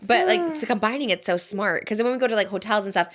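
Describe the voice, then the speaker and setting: A woman's voice: medium pitch, sing-song, fast. A woman in her thirties hosting a casual podcast chat, rambling with lots of fillers and frequent giggles. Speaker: podcast host.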